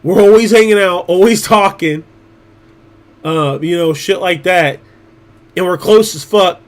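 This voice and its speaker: A man with a fairly high voice talks to his stream viewers in a loose, unscripted ramble. He is blunt and swears freely, often doubling back and restarting mid-thought. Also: measured pace. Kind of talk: casual livestream chat.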